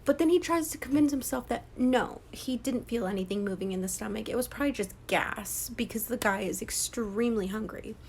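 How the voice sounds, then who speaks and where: A woman's voice: a little high, brisk, hardly any pauses, slight background noise. Young woman dramatically retelling a book. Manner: animated retelling with frequent whispers and swearing. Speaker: book vlogger.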